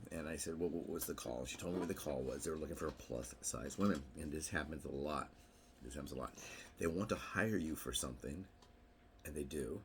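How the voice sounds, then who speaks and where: A middle-aged man with an extremely low, booming voice chats straight to camera. He tells long, wandering stories and acts out other people's words in a louder voice. Faint noise sits behind him. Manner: rambling, anecdotal, acts out quotes in a raised voice. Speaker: vlogger. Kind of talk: casual monologue to camera.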